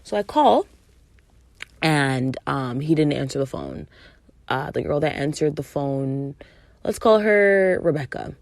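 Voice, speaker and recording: A young woman with a fairly low voice tells a story on her podcast in a casual, emphatic way. She swears freely and acts out what people said. The sound is dry, with no room echo. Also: animated, measured pace, vocal fry. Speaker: podcast host.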